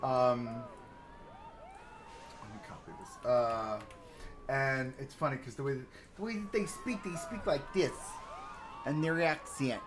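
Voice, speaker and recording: A man's voice: mid-range voice, unhurried, pauses often, noisy background. A man chatting casually on a live stream as he builds in a game, laid-back and rambling, with a cough that comes and goes. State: coughing now and then. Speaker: livestreamer.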